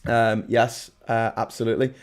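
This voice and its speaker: A man hosting a political livestream, reading chat messages and ranting sarcastically, swinging between loud outbursts and low muttering. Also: monotone, moderate pace. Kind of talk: ranting live-stream commentary reading chat.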